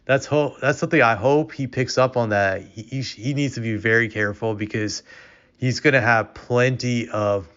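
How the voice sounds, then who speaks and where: A man's voice: medium pitch, moderate pace, a bit bright. A man giving casual, opinionated commentary as a vlogger, rambling with frequent restarts. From United States. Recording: dull lo-fi recording.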